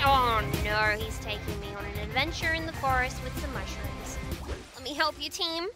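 A woman streamer giving excitable, giggly commentary over her own gameplay, mocking herself and calling out to her teammates. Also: high voice, moderate pace. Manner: self-mocking, frequent laughter. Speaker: video game streamer. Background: game music.

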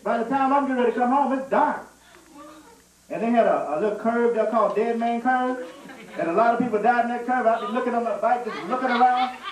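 A man preaching a storytelling sermon, animated and laughing through a comic story. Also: very high-pitched. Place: church sanctuary. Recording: echoey church room, mic at a distance.

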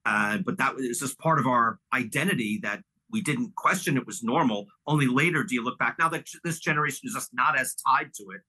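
A man's voice: mid-range voice, fairly quick, hardly any pauses, sharp tone, husky, rough recording. A middle-aged man from Long Island, New York, reminiscing casually as an interview guest, rambling with lots of fillers and restarts. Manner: rambling, full of "you know" fillers and restarts.

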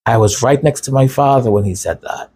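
Husky-voiced man, sarcastic commentary. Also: medium pitch, fairly quick, dark tone. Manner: impassioned and sarcastic. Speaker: channel host. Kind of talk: raw commentary monologue.

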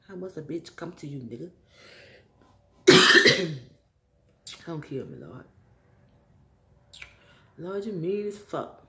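Slow-talking woman musing in an echoey room. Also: deep voice. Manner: musing, profane, sighing, drifting into soft whispers. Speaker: vlogger. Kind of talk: rambling casual monologue. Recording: echoey room with background noise.

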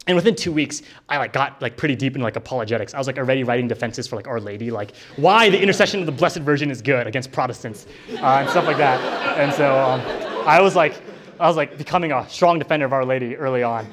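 A young man tells his story to a live audience in an easygoing, earnest way. His voice sits at an ordinary middle pitch, and he keeps filling gaps with "like" as he acts out the things he once said. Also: quick pace, fairly bright tone, some chatter behind. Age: young adult. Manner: casual, heavy use of "like" fillers; earnest storytelling, reenacting his own past words. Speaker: speaker giving a personal testimony. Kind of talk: personal conversion testimony to a live audience. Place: college campus ministry center.

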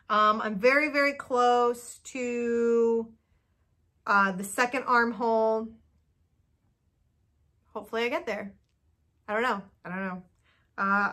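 A woman's voice: a little high, pushed and bright. A woman hosting a knitting video, chatting casually and nervously to camera with lots of fillers. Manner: chatty and self-doubting, many fillers. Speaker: knitting podcast host.

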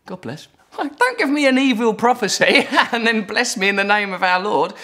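A man's voice: high-pitched, lively intonation, moderate pace, pushed and bright. Playful man riffing on comments. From England. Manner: playful, jumps into comic voices, swears. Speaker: host. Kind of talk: casual commentary reading viewer comments.

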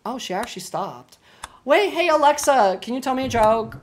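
A young woman with a high voice commentates a live game stream, swinging widely up and down in pitch. She swears constantly, shouts at the screen and laughs at her own chaos. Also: animated, moderate pace, slight background noise. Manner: loud, swearing, bursts into yelling and laughter.

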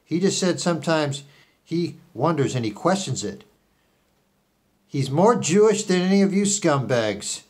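A man putting on the voice of a grandiose, scheming billionaire tycoon in a comic impression, swinging from low mutters to yelling.

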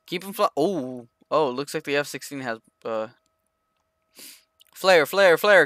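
Excitable young male gaming streamer. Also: medium pitch, slow pace, pauses often, clean tone, no room sound, clean studio sound. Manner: excitable, rambling, talks to viewers. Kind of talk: live gameplay commentary.

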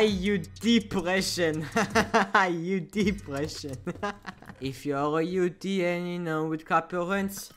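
A young man giving loud, slangy gameplay commentary, yelling and laughing as he plays. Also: high-pitched, expressive, measured pace, faint music behind. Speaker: gaming YouTuber.

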